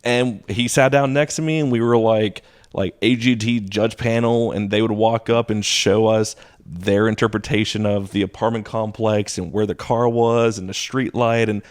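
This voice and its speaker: On a podcast, a male teacher tells a story from his classroom in a casual, animated way, laughing and acting out voices as he goes. His pitch is fairly low and his pace moderate.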